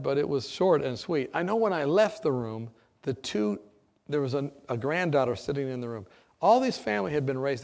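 A man preaching, telling his testimony as a lively story, often laughing and acting out the people in it. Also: mid-range voice, creaky. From United States. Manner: animated storyteller, often laughing, acts out shouts.

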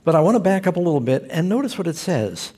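Here the Southern California pastor talks fast, his high-leaning, mellow and husky voice swinging widely in pitch. He preaches with humorous storytelling and keeps putting rhetorical questions to the congregation.

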